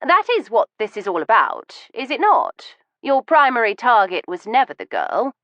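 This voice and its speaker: Woman as a sharp-witted Victorian adventuress. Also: a little high, sing-song, moderate pace, no echo, muffled recording, voice pushed up. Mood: probing. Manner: cool, pointed, mock-sympathetic. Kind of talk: audiobook reading.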